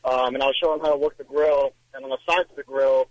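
A man calling into a radio show, telling a story in a halting way with "um" and "uh.". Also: mid-range voice, flat delivery, a little mellow, dry recording, dull audio. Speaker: radio caller. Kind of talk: casual phone-in anecdote.

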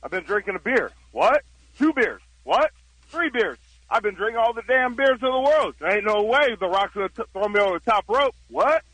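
A male caller with a high voice does playful wrestler impressions on air. The sound is dry and close. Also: big pitch swings, a little fast, fairly bright tone, no echo, low-quality recording.

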